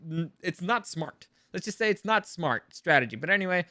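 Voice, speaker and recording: A man delivering a ranting review, sarcastic and fed up, with frequent swearing. His voice sits fairly high and sounds bright and forceful. The recording is close and dry. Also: expressive, normal speed, no room sound. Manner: exasperated, sarcastic, swears freely.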